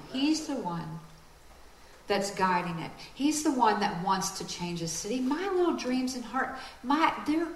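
A woman giving a lively, conversational sermon with quick asides. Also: medium pitch, roomy sound, slight background noise, poor audio. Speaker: speaker.

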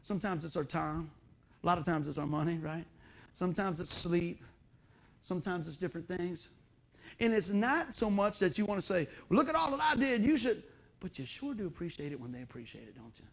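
Gravelly high-voiced preacher. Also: male voice, brisk. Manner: folksy, storytelling, confiding asides. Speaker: pastor. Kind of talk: conversational sermon. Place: church.

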